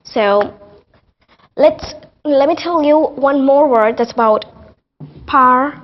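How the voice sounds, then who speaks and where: Indian teen girl on tv, kinda high voice, repeats words slow then explains, dull lo-fi sound. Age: teens. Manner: demonstrates words by repeating them slowly, then rapid explanations. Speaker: guest student. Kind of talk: explaining pronunciation on TV.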